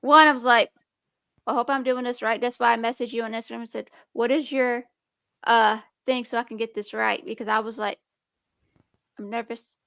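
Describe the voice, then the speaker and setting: A woman's voice: on the high side, fairly even intonation, moderate pace, vocal fry, fairly bright tone, smooth, dry recording. A young woman streamer chatting casually and rambling, with restarts and a speech impediment. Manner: rambling, restarts, talks about being nervous and defensive. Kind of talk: casual chat.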